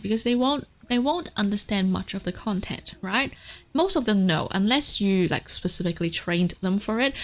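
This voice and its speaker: A woman streamer giving casual advice on dogs, chatty, with lots of fillers, swearing and frequent laughter. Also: medium pitch. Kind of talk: casual livestream chat.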